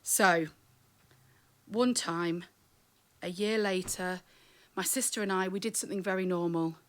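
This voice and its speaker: A woman's voice: fairly low pitch, a little slow, a bit bright, smooth. A woman performing comic spoken-word storytelling live, wry and chatty, teasing the audience.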